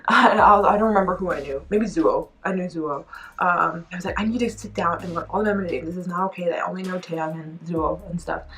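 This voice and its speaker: A woman vlogging a music reaction, gushing and excitable, with many "like"s as she chats to camera. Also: fairly low pitch, a little fast, a crowd in the background. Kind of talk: casual chat to camera.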